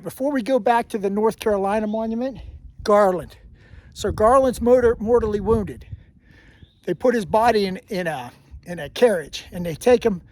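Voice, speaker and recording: A man whose voice sits high with a darkish tone walks a mountain trail outdoors, recording himself on a handheld camera. As a hiking vlogger, he gives a casual history talk, rambling along and often fixing his own mistakes.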